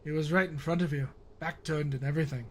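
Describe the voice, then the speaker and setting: A man reading the lines of a gruff older male rebel leader in his own game, blunt and scolding. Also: fairly high pitch, steady tone, fast, a little hiss or hum, lightly acted.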